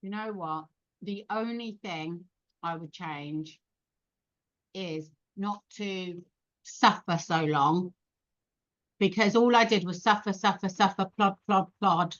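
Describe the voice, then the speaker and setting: Lively woman telling stories. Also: on the low side. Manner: animated, laughing, acts out quoted voices. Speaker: podcast guest. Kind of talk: casual storytelling chat. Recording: dull lo-fi podcast audio.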